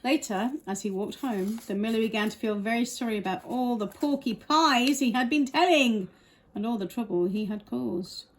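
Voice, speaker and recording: A woman's voice: a little high, normal speed, poor audio. A woman reading a children's picture book aloud with wry, teasing asides. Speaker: storybook reader.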